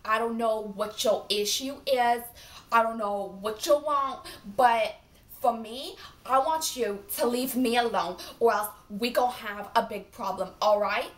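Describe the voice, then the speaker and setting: A young woman voicing a sassy, confrontational girl, loud and brash. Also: fairly high pitch, unhurried, lightly acted. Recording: roomy, from a distance.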